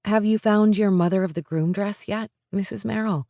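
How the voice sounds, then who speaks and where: A woman voices a polite, tense bride-to-be, pitching her natural-sounding voice above her own into a mid-range. Her intonation is fairly even, her speed normal and her tone dark, recorded in a clean studio with no room sound.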